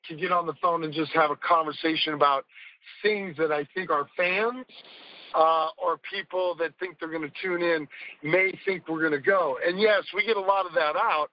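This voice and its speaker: Man, podcast guest, high-pitched voice, rambling emphatic storytelling, casual swearing, muffled lo-fi sound. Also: fairly even intonation, moderate pace, slight background noise. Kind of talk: casual conversation.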